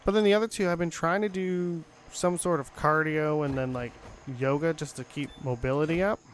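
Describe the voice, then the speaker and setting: There's a little hiss or hum as a young man comments casually on the game he's playing, rambling with many fillers. His voice is on the high side, with fairly even intonation at normal speed.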